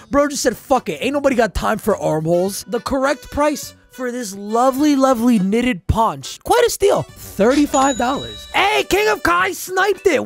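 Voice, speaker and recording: Gravelly, animated young streamer guy. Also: very high-pitched. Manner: brash, profane, jokey, reads chat. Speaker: streamer hosting a price-guessing game. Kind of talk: casual live-stream banter.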